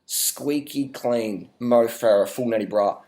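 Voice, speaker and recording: An Australian man vlogging a rambling, deadpan sarcastic rant, swearing now and then. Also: mid-range voice, takes it slowly, heavy background noise.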